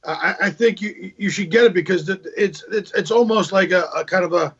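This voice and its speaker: A man's voice: high voice, brisk, vocal fry, fairly bright tone, breathy edge. A male comedian talking casually on a video call as a guest, telling a long joke with repeated words. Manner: storytelling, acts out joke voices, repeats words. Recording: dull lo-fi video call audio.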